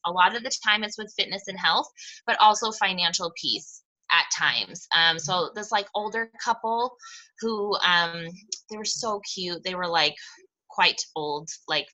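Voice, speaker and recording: Bright-voiced young woman coach, chatty and excited, rambles with tons of likes and you knows. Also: lowish voice, low-quality recording. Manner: enthusiastic, rambling, lots of fillers and repeats. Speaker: fitness coach addressing her team. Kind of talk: casual team talk.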